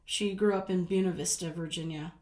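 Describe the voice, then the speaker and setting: A woman's voice: on the low side, steady tone, fairly quick, darkish tone. A woman from the American South telling rambling stories in a casual chat, laughing often. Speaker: vlogger. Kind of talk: casual storytelling. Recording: roomy echo.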